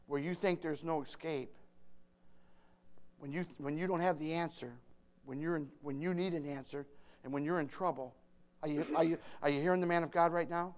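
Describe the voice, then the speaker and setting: A man preaching a sermon, talking straight to his congregation, joking with them and swinging from quiet asides to loud emphatic bursts. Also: fairly high pitch.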